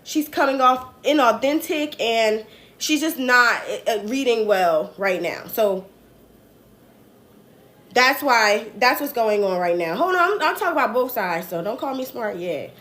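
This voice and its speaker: A woman with a New Jersey accent hosts a laid-back political commentary livestream. She rambles in a chatty, slangy way and restarts her sentences often. Her voice sits a little high. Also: lively intonation, unhurried, fairly bright tone. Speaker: host.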